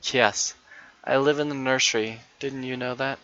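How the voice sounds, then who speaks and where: Man doing a shy, eager little girl in a storybook, bright and pitched up, dry lo-fi sound. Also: fairly even intonation, moderate pace, no echo, natural voice. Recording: dull, lo-fi dry recording.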